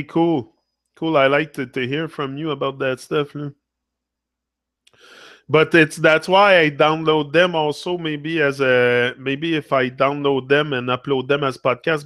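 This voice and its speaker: A man's voice: a little high, fairly bright tone, no echo. Young quebec guy rambling to his livestream chat, mixing french and english, lots of uhs, dry close mic. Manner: switches between French and English, many fillers. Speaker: livestream host. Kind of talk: casual live chat with viewers.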